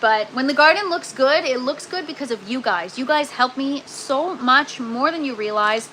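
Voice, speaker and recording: A woman's voice: high-pitched, animated, moderate pace, bright, forceful tone, slight background noise, low-quality recording. A woman hosting a casual gardening live stream from an indoor grow tent, chatting with viewers and using lots of ums and "you guys.".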